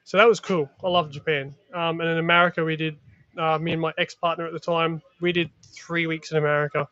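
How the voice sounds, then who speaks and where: An Australian man telling stories in casual chat as a guest, energetic and full of slang. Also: a little high, fast, no room sound, highs cut off.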